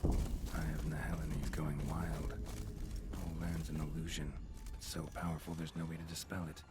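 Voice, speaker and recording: A man voicing a gruff, weary monster hunter in a video game, low and terse, muttering to himself. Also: little pitch movement, moderate pace. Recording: noisy game audio from a stream.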